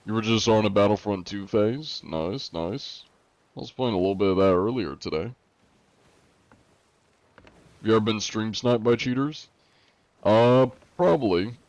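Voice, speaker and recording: A man's voice: lowish voice, measured pace, pauses often, darkish tone, no room sound, highs cut off. A man streaming, chatting casually with viewers and answering their questions in a joking, laid-back way. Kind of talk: casual chat with viewers while gaming.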